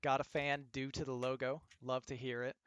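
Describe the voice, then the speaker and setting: A man hosting an esports league stream, chatting casually and rattling off quick promos. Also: mid-range voice, level tone, fairly bright tone, clean tone. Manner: reads rapid-fire sponsor spots quickly and upbeat. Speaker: host of esports league show.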